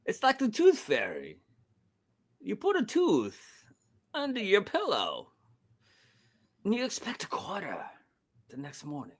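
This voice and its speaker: Co-hosting a film podcast, a man with a high voice that swoops wildly in pitch tells stories in casual conversation. He speaks a little slowly, pauses often, swears freely, and laughs a lot.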